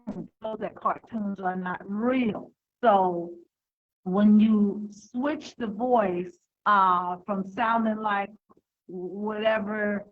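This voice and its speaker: Slow, hesitant woman teaching over a call. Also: medium pitch, muffled recording. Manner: hesitant, many fillers and restarts. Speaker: speaker on overcoming fear. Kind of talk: unscripted teaching talk.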